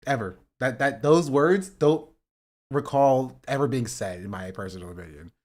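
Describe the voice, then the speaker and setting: Medium in pitch and a little mellow, this young man speaks at a moderate pace while hosting a livestream. He reacts to clips with casual sarcasm and frequent laughter.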